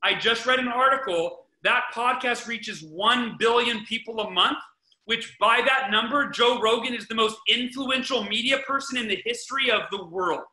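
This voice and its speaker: A man hosting a podcast, giving casual parenting advice in an energetic, emphatic way, often repeating himself and restarting sentences. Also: very high-pitched, normal speed. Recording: echoey room.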